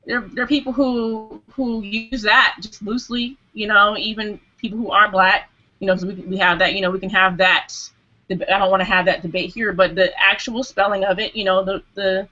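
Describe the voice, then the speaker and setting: A woman guesting on a hangout speaks earnestly in a casual group discussion, her talk full of "you know"s and restarts. Her medium-pitched voice is bright and forceful, fairly even in intonation and moderately paced. She's on a video call microphone, and the audio is dull and lo-fi.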